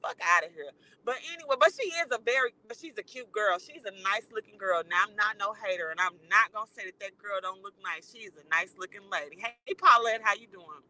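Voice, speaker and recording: A woman's voice: a little high, sharp tone, rough recording. A woman livestreaming from her car while she drives, ranting bluntly and with plenty of profanity as a commentator.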